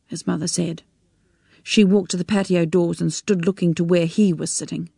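A woman narrating a dramatic story in a measured, steady reading. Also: fairly low pitch, creaky, slightly rough, no room sound, studio quality.

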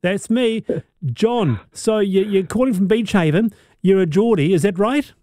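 A man hosting a radio talk show, lively and quick to laugh, speaking into a studio mic. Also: high voice, no echo. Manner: lively, laughing, repeats words. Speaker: radio host.

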